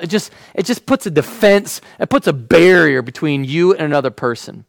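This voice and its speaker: A man preaching a sermon as a pastor. He acts out the quotes and drops to a hush when he wants a point to land. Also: high voice, expressive, moderate pace, creaky, dry recording, low-quality recording.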